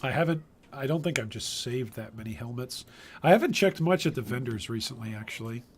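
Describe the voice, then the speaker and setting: A man's voice: medium pitch, expressive, fairly quick, slightly rough. A man giving casual live-stream commentary while he plays, thinking aloud and trailing off, his voice wearing thin. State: losing his voice. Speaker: gaming streamer.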